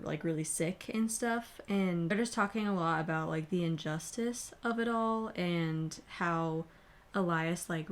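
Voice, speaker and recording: A woman book vlogger in casual chat, rambling and emotional, leaning heavily on filler words. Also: lowish voice. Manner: rambling, emotional, heavy use of "like".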